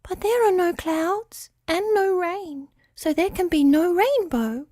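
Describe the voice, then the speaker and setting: A woman's voice: very high-pitched, animated, slow pace, dark tone, no room sound, clean studio sound, heavily acted. A woman voicing a frightened baby unicorn in a children's storybook, her words gushing out. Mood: anxious.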